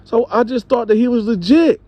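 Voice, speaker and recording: A man voicing a panicked young wife who stammers through halting apologies. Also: very high voice, warm tone, no echo, voice pushed up. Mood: apologetic.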